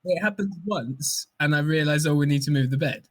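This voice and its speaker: Husky slightly high guy at a tabletop game, goofy, trips over his words a lot. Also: brisk, dry recording. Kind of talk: casual tabletop role-play chat.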